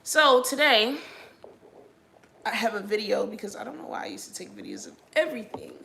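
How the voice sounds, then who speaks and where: Talking fast and casually on her livestream, a young adult woman recounts her faith story, saying "like" constantly. Her mid-range, creaky voice swings hugely in pitch, and the background is noisy.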